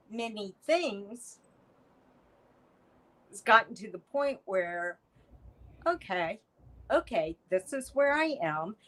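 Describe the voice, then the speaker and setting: Slow, animated woman telling a story. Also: on the low side, low-quality recording. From United States. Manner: animated storyteller, acts out quoted lines. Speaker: podcast guest, artist. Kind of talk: storytelling interview chat.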